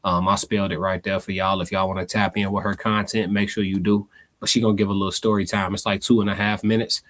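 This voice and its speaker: Brief: lower-voiced man, streamer host, slang, laughing asides. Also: little pitch movement, quick pace, a bit bright. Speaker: live show host. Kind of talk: casual reaction commentary.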